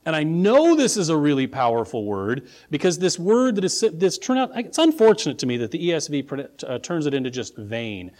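A man preaching a sermon, telling a story with acted-out voices and building to forceful declarations. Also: on the high side, brisk, few pauses. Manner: animated storytelling, acts out quoted voices. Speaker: pastor.

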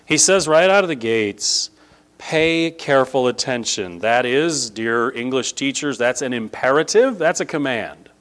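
Male preacher, sermon teaching, mid-pitched voice, casual then emphatic. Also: normal speed, few pauses. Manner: conversational, emphatic, rising to animated stress.

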